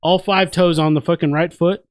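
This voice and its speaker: Guy on a fight podcast, kinda high voice, swears a lot, keeps pushing his point, dry close mic. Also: steady tone, moderate pace, no room sound. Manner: profane, repeats his point insistently. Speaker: podcast co-host. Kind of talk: casual chat.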